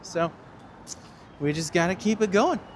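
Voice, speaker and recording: High-voiced chatty man on a live walk. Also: animated, a little slow, slight background noise. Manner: chatty and jokey, answering live chat while walking. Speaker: walking tour guide and livestream host. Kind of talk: live walking-tour stream, chatting with viewers. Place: outdoors on city streets.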